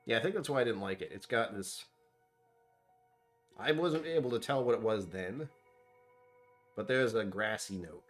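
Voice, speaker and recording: A man's voice: fairly low pitch, animated, normal speed, long pauses, soft background music. A man hosting a casual whiskey tasting vlog, rambling and self-deprecating as he thinks aloud about what he smells and tastes. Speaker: whiskey reviewer.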